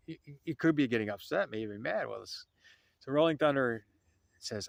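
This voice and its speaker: A man's voice: mid-range voice, moderate pace, vocal fry, dry recording, clean studio sound. A man telling a personal spiritual story casually, rambling and repeating phrases, at times murmuring a prayer.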